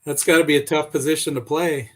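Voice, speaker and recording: A man's voice: on the high side, steady tone, fast, fairly bright tone. A man chatting in a friendly way and telling anecdotes, with an occasional chuckle. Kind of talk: casual chat, storytelling.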